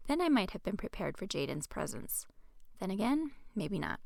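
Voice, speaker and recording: Author reading her own book: a woman, wry first-person delivery, gravelly, dry studio sound. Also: medium pitch, big pitch swings, normal speed, darkish tone, no room sound. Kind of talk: audiobook narration.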